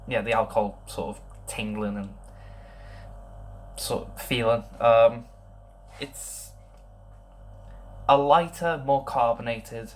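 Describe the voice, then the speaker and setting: A young man giving a casual beer tasting review, thinking aloud and rambling with many pauses. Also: fairly low pitch, a little hiss or hum.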